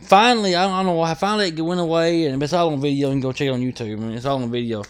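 Animated man telling a story. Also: fairly high pitch, racing, clean tone. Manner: animated, profane, acts out scenes. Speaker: guest. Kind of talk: casual storytelling chat.

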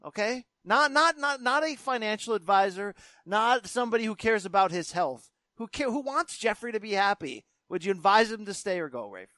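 A man's voice: high voice, animated, moderate pace, few pauses, bright, forceful tone, dry recording. A man hosting a casual sports chat, tossing questions to his co-host with easygoing fillers. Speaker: podcast host.

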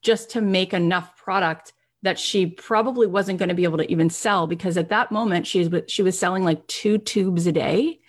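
A woman's voice: on the low side, moderate pace, hardly any pauses. A middle-aged woman giving a motivational talk, telling a story earnestly and acting out the other people's lines. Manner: earnest, acts out quoted voices. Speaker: motivational speaker.

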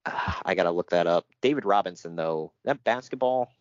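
A man's voice: sits low, a little fast, dry recording, dull audio. A man co-hosting a casual chat, reading out notes with jokes and frequent laughter. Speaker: podcast co-host.

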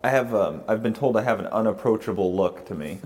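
A man's voice: on the low side, husky. A young man hosting a casual podcast chat, laid-back, mostly giving short agreeing replies. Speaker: podcast host.

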